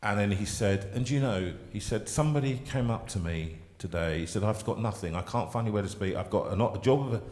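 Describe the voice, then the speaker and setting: Male host, lowish voice, halting heartfelt storyteller, recorded with a long room echo. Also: a little mellow. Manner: halting, emotional storytelling with many restarts. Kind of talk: live chat show storytelling.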